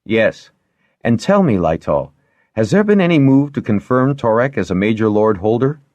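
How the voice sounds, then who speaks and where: A man's voice: lowish voice, sing-song, moderate pace, a little mellow, no echo, pitched above the performer's own voice. A man reading aloud and voicing a keen, earnest young lord who presses his questions.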